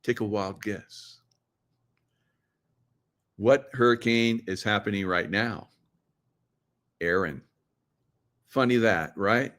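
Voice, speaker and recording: A man's voice: lowish voice, slow, long pauses, a bit bright. Rambling, conspiratorial man chatting live. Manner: rambling, conspiratorial, laughs often. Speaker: livestream host. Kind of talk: casual live chat to viewers. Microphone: computer mic, screen sharing.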